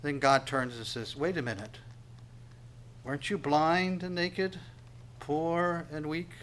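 A male preacher with a slightly higher voice than most men. He reads scripture slowly and forcefully, then drops into quiet, chatty explanation. His volume rises and falls often. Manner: reads verses aloud slowly, then explains in a plain conversational tone; swings between loud emphatic reading and quiet, dropped asides. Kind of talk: sermon with scripture reading.

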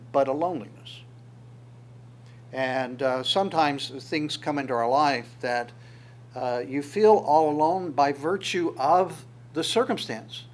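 A man leading an informal Bible study, explaining the text in a halting way, thinking aloud with many pauses. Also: on the high side.

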